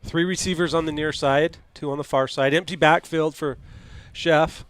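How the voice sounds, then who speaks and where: A man doing play-by-play for a high school football game, chatty and quick to laugh. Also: steady tone, a bit bright, clean tone, dry recording. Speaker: play-by-play announcer.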